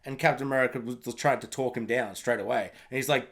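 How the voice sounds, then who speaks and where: A man's voice: medium pitch, fairly even intonation, fast, a bit bright. A man giving a rambling, sarcastic film review rant, mocking and swearing freely.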